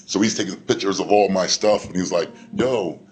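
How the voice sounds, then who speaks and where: Low-voiced man telling an excited story. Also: moderate pace, faint music behind. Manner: excited, laughing, acts out quotes. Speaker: panelist. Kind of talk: casual storytelling. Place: convention panel room.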